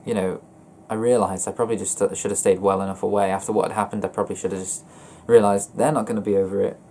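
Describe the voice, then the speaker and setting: A young man vlogging about his feelings in a flat, monotone voice, hesitant and often stopping to correct himself. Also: lowish voice, slight background noise. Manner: hesitant, halting and self-correcting. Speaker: gaming YouTuber. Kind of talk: personal confessional vlog.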